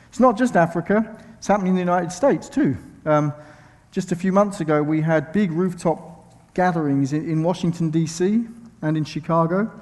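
The same kind of visiting preacher, a Londoner, speaks with a voice that is a little high and a little mellow, heard with a big-room sound in the sanctuary. He jokes at his own expense in friendly asides, often stumbling over ums and starting sentences again.

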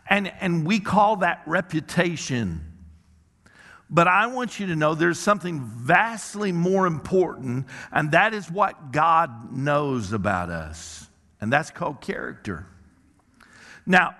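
A male pastor delivers a sermon in a church worship center, his voice slightly higher than most men's. He is emphatic and slows down to lean on the words that matter. His voice rings out with a long hall reverb. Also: bright, forceful tone.

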